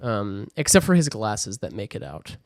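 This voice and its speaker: Animated man recapping a film. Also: fairly low pitch, no echo, clean studio sound. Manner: animated, acts out characters in quick voices. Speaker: podcast co-host. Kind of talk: casual movie recap chat.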